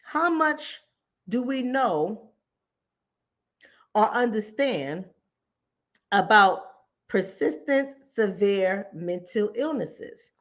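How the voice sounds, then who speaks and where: Speaking very slowly and pausing often, a woman with a medium-pitched voice and lively intonation hosts a mental health talk show. Her conversational commentary is emphatic and informal, full of repeated phrases, and she enacts callers and her own replies. The recording is dull and lo-fi.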